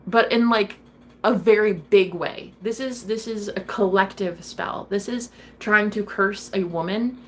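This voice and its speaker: Woman streamer, casual tarot chat, rambling and profane, heated, mid-pitched. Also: a little slow, slight background noise. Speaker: tarot reader hosting a live stream.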